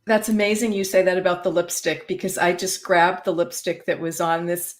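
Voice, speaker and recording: A woman's voice: fairly low pitch, little pitch movement, a little fast. A woman host receiving a reading, affirming it and sharing her own stories. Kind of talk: casual chat.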